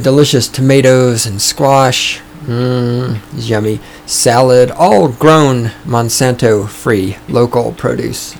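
Guy ranting on his podcast, sarcastic and sweary, voice getting hoarse, mid pitch. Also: slight background noise. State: voice going hoarse. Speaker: podcast host. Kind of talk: casual opinionated podcast monologue. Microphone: studio microphone.

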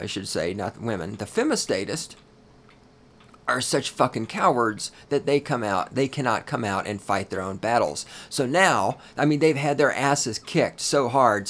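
A man hosting his own podcast in a solo rant, swearing heavily and talking in a loud, heated way. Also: lively intonation, normal speed. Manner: profane, ranting, heavy swearing; loud and heated, then lower and grumbling. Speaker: podcast host.

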